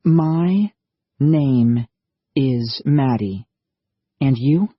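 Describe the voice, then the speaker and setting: A gentle young American woman, played by a male narrator, speaks softly and coaxingly, in a motherly, soothing way. Her voice sits well above the narrator's own. The sound is dry and slightly lo-fi. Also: mid-range voice, extremely slow, slightly rough, dry recording, voice pushed up.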